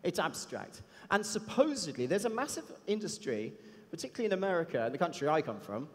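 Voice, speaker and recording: A man's voice: fairly high pitch, big pitch swings, a little fast. A man giving a chatty, self-deprecating anecdotal talk on a conference stage. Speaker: conference speaker. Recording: long hall reverb.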